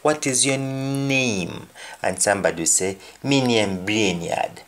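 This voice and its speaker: A man with a Jamaican accent teaching a language lesson, repeating each phrase slowly and then translating it. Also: lowish voice, fairly bright tone. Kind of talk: slow spoken language lesson.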